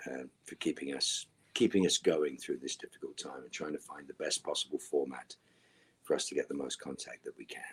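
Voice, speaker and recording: A middle-aged man with a bass voice and a breathy edge answers fan questions on a virtual Q&A panel over a video call. His humor is dry and wry, and he often trails off into soft, mumbled asides.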